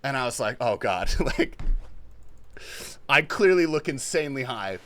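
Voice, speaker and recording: A young man streaming a game, telling a story in a casual, animated way, swearing and laughing often. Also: mid-range voice, moderate pace, slight background noise. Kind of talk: casual story-telling chat while gaming.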